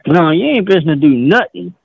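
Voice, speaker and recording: A man's voice: a little high, expressive, fairly quick, creaky, noisy background. A man, irritated and curt as a prank call target. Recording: muffled phone line.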